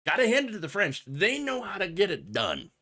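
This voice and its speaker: Animated, bright-voiced male political host. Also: high voice, a little fast. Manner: impassioned, ranting, with sarcastic mock quotes; rambling asides with fillers, reads chat messages. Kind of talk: livestream political commentary.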